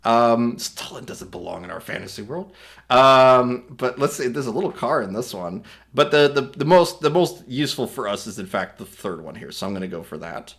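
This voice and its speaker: Casual, rambling male tutorial host of medium pitch who corrects himself as he explains. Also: lively intonation, moderate pace, creaky, fairly bright tone. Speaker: host demonstrating an AI video tool. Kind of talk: casual screen-recorded tutorial.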